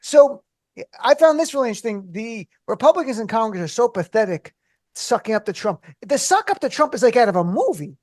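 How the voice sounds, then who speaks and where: A man hosting a radio talk show, riffing with animated, incredulous humor. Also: extremely high pitch, a little fast, no echo, studio quality. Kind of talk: casual comedic chat.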